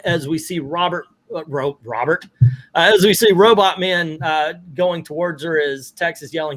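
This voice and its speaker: A man's voice: fairly high pitch, normal speed. A man hosting a comic book video in casual chat, retelling a story and reading the dialogue aloud with rising emphasis. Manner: animated, reads quotes with rising emphasis.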